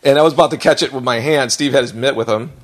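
A man's voice: mid-range voice, fast talker. An American man hosting a podcast, telling a rambling story in casual chat, laughing often and acting out quotes. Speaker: podcast host.

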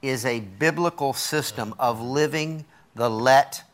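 A man's voice: mid-range voice, unhurried. A man hosting a Christian talk show, enthusiastic and reacting to his guest. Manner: enthusiastic, reacts with frequent wows. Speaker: host.

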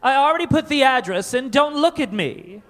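A man's voice: very high-pitched, expressive, normal speed, a bit bright, long reverb tail, voice pushed up. A man voicing a spoiled rich boy, whiny and petulant, making demands. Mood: bratty demanding. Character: spoiled rich boy whining to his father.

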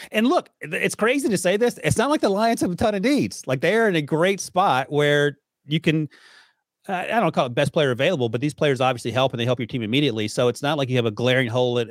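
A man's voice: mid-range voice, quick pace, dry recording. Dry-sounding man laughing through draft picks. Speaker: podcast host and draft analyst. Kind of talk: casual sports podcast chat.

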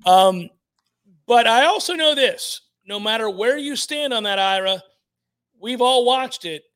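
A man's voice: very high-pitched, expressive, unhurried, fairly bright tone, smooth. A man hosting sports talk radio, blunt and emphatic, repeating points for effect.

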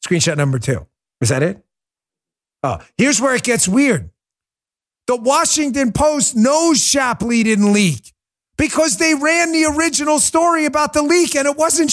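A man's voice: sits high, a bit bright. A man hosting a political talk show, giving sarcastic, mocking commentary and talking to his live chat.

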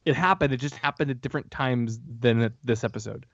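A man's voice: mid-range voice, quick pace, fairly bright tone, no echo. Man, rambling, lots of fillers, casual podcast chat, dry audio, dull lo-fi sound. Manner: rambling, many fillers, trails off. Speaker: podcast co-host.

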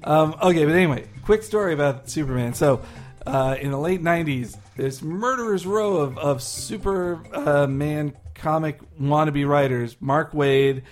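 A man's voice: a little high, measured pace, soft background music. Joking, rambling podcast host man. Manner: rambling, full of fillers and restarts, jokey. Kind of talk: casual chat.

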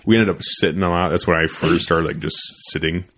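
Podcast host, young man, deep low voice, loose profane storyteller, studio chat. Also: fairly even intonation, fairly quick, a bit bright.

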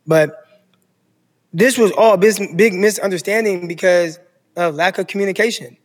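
His voice sits high and moves at a moderate pace, trailed by long reverb. A man in his thirties from Stockton, California, who played football, he guests on a podcast and tells his own story casually and animatedly, acting out the people in it and voicing his coaches.

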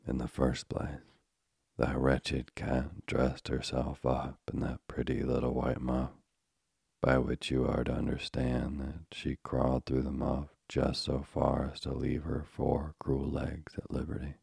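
A man's voice: rumbling low, monotone, measured pace, creaky, a little mellow, slightly rough, dry recording, studio quality, exaggerated voice. A man voicing a little female mouse who tells a tale in an earnest, theatrical way. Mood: dramatic.

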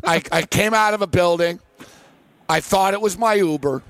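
Animated high-voiced man telling stories. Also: moderate pace, no echo. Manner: animated storyteller, many fillers. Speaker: sports betting show host. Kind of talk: casual chat.

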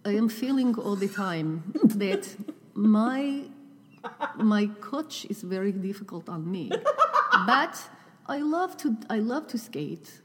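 A woman voicing a young female Russian figure skater, speaking halting, earnest English in a put-on Russian accent. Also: mid-range voice, lively intonation, long reverb tail, noisy background. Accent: fake Russian accent.

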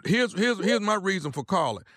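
A man's voice: sits high, very animated, brisk, a bit bright, no echo, studio quality. A man making a prank phone call, complaining in a blunt, drawling, repetitive way. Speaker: prank caller.

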